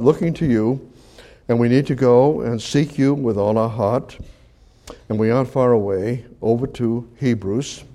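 A man preaching a sermon who teaches conversationally, repeats his phrases, and swings from loud emphasis to quiet asides. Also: mid-range voice.

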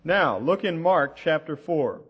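A man teaching a sermon from the Bible, slow and deliberate, asking the audience questions as he reads out passages. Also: a little high, lively intonation, slightly rough, muffled recording. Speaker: preacher.

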